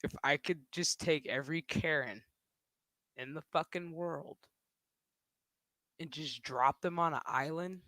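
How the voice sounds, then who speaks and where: A man's voice: fairly high pitch, unhurried, long pauses, pushed and bright, dry recording. A man streaming live, ranting casually in a crude, mocking way and often breaking into laughter. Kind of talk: casual livestream rant.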